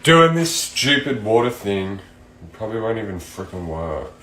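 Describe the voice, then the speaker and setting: Casting: low-voiced grumbling guy, sarcastic, echoey room. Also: sing-song, moderate pace, a bit bright. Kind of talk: comedic TikTok monologue.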